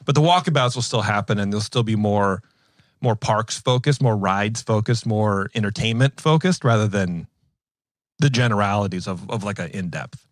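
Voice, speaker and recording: This podcast host is a man in his thirties with a lowish voice at normal speed, rambling through animated stories with plenty of fillers and restarts. The sound is clean studio audio with no room sound.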